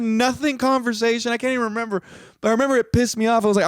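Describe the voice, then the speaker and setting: Young man, casual movie-review rant, swinging animated pitch, dry close sound, profane and rambling. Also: very fast, smooth, dry recording. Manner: profane, rambling, full of fillers, mocks scenes in high put-on voices.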